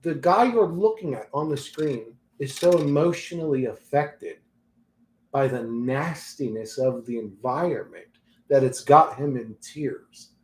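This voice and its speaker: A man's voice: medium pitch, expressive, a little slow, a little mellow, roomy sound. A man hosting his own channel, ranting bluntly and profanely in a casual vlog, laughing often between points. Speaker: channel host.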